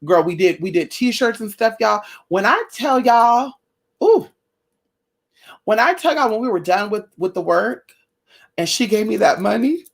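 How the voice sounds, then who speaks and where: A woman vlogger talking straight to her viewers about her own life, blunt and animated. She swears freely and keeps calling her listeners y'all, girl and honey. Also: mid-range voice, measured pace, creaky. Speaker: spiritual vlogger. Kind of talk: casual personal storytelling to viewers.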